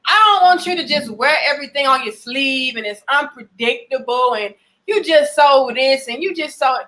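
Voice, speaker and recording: Blunt, bright-voiced woman giving advice. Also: sits high, moderate pace. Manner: blunt and emphatic, swears freely; repeats and restarts phrases. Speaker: relationship vlogger. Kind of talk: casual direct-to-camera advice.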